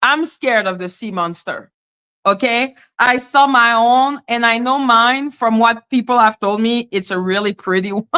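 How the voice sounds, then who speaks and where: A woman hosting a casual livestream, chatting with viewers in an animated way, laughing often and swearing freely. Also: a little high, a little slow, clear, resonant tone. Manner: animated, laughing, frequent profanity. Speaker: livestream host. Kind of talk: casual livestream chat reading comments.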